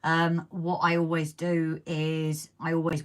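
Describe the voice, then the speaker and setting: Hobby live-stream host: a low-pitched woman who chats casually while she works and is losing her voice. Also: completely flat delivery, slow pace. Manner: chatty, talks while working, reads out viewer comments. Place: indoors at a model railway layout.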